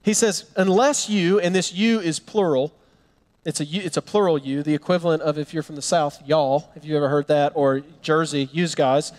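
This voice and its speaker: A man preaching a sermon, telling a Bible story with animated storytelling and acting out the characters' lines. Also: a little high, moderate pace, in a large hall. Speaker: pastor.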